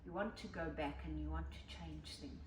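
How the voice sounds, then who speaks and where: Older woman, measured, roomy distant sound. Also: sits low, fairly even intonation. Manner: measured, giving advice with homely images. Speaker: podcast co-host. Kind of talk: casual chat. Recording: roomy, distant mic, faint noise.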